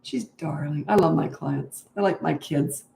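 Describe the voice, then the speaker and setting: Older female parenting coach, chatty and blunt, mid-pitched, recorded in a roomy space. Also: measured pace, creaky, dark tone, a little hiss or hum. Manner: chatty, frank and laughing easily. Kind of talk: answering interview questions. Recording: roomy echo.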